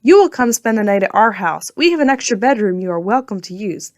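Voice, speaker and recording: A woman voicing a kind, firm mother in a storybook reading, speaking gently and motherly. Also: mid-range voice, big pitch swings, fairly quick, dry recording, clean studio sound, close to an everyday voice. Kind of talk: storybook narration.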